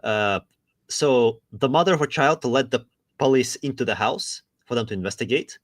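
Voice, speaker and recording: A man's voice: medium pitch, animated, moderate pace, no room sound. Man chatting, dry close sound. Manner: reads text aloud with dry asides, laughs often. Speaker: podcast co-host. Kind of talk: casual chat.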